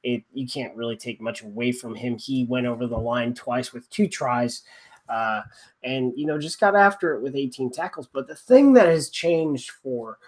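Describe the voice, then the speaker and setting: A man's voice: mid-range voice, animated, normal speed. A man co-hosting a rugby podcast, casual and rambling, joking with plenty of fillers and restarts. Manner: wry, joking. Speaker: podcast co-host.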